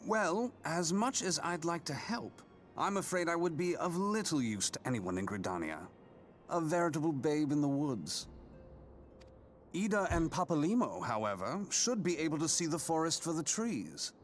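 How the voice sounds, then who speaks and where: A man's voice: a little high, big pitch swings, normal speed, soft background music. A man voicing a game character in a cutscene, speaking in a wry, theatrical way.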